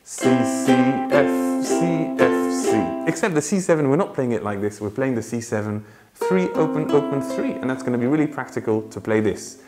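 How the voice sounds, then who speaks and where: A man's voice: mid-range voice, lively intonation, moderate pace, over loud music. A man teaching ukulele in a casual, chatty way, laughing often and breaking into song. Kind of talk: casual tutorial talk with sung demonstrations. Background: ukulele playing.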